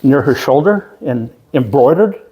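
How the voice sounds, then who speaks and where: A male pastor preaching a sermon, telling a story slowly with halting pauses and self-deprecating humor. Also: mid-range voice, animated, warm tone, breathy edge. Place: church sanctuary.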